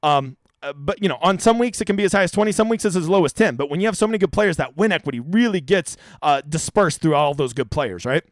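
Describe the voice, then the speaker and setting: A man's voice: on the high side, expressive, quick pace, dry recording. A young man hosting a live stream, answering chat questions with brash, jokey, crude banter. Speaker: fantasy golf streamer.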